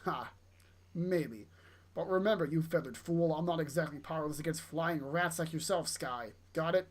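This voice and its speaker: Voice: mid-range voice, normal speed, natural voice. A player reading aloud for a blunt, sardonic young male mercenary. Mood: gruff. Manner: blunt, teasing.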